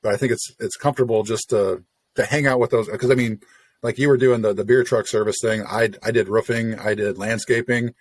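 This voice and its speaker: A man from Illinois hosting a podcast, chatting in a relaxed, rambling, agreeable way. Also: lowish voice, brisk, no echo. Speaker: podcast host. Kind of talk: casual interview chat.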